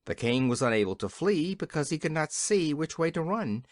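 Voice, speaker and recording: A man narrating a classic children's fantasy audiobook with expressive storytelling. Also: a little high, normal speed, no echo, clean studio sound. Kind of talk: scripted narration.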